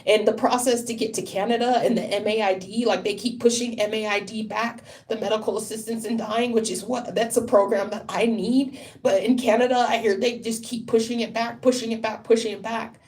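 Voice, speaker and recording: A woman's voice: on the high side, steady tone, brisk, few pauses, a little mellow. A tired woman talking on a casual livestream, rambling, swearing and sounding frustrated.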